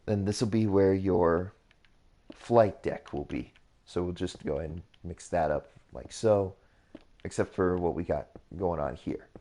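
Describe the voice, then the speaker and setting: Brief: male gaming YouTuber, mellow deep voice, loose self-correcting tutorial chatter. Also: unhurried. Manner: rambling, repetitive, self-correcting. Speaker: YouTuber hosting a gaming channel. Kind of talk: casual build tutorial commentary.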